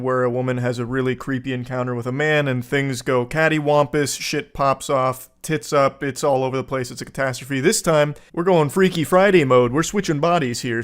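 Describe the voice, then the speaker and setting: A man's voice: mid-range voice, smooth. A man in his thirties hosting reaction commentary, reading dating texts aloud with incredulous, crude outbursts. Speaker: commentary host.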